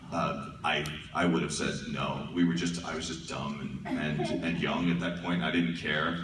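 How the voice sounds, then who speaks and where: Deep-voiced man, relaxed panel talk. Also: moderate pace, hardly any pauses. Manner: relaxed, self-deprecating, restarts often. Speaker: voice actor on a panel. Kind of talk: casual anecdotal talk. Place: large convention hall. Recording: echoey hall, distant mic, background noise.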